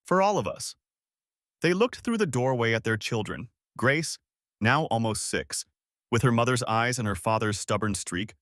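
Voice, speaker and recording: Male storyteller, smooth scripted narration; animated pitch, dry. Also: no room sound.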